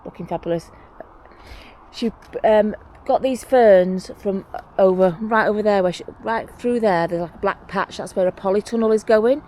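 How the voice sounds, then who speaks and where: A woman, chatting casually and excitedly to camera while showing her allotment garden. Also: mid-range voice, moderate pace, a little hiss or hum. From England. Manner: chatty, rambling, excitable about plants. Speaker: allotment vlogger. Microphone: clip-on mic.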